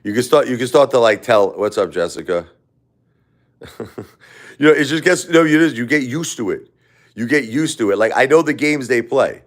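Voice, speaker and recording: A man's voice: medium pitch, expressive, normal speed, long pauses. A grieving man hosting a livestream, rambling and repeating himself with emotion. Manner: repetitive, emotional, repeats phrases, chuckles between lines. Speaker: livestream host.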